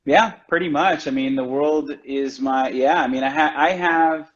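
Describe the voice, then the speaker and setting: A man talks a little high, chatting on a video call and stringing his stories together with "like" and "you know". The audio is dull and lo-fi, as a livestream often is. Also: moderate pace. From United States. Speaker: chocolatier guest. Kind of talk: casual storytelling chat. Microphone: video call from home.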